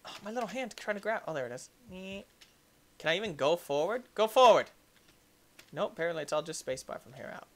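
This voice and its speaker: A man hosting a let's-play, giving jokey, excitable commentary and yelling at the game. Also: high-pitched, moderate pace, pauses often, a little hiss or hum. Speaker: gaming channel host.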